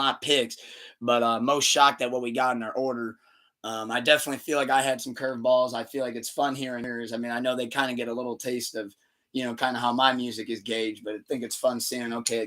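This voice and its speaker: Bright-voiced man casually chatting. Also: mid-range voice. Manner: loose, rambling, swears freely; animated retelling with acted-out quotes. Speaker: podcast host. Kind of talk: casual chat.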